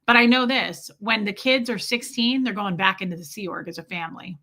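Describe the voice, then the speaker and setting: A woman's voice: medium pitch, fairly quick, pushed and bright. A woman in her forties chatting casually on a livestream, frankly telling stories and answering viewer comments. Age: 40s. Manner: frank, blunt storytelling with quoted voices. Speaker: live streamer.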